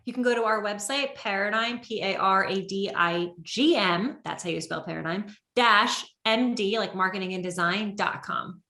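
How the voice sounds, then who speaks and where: Bright woman co-host in echoey room. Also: mid-range voice, normal speed, hardly any pauses. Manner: explains with restarts. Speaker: podcast co-host. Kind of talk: casual chat.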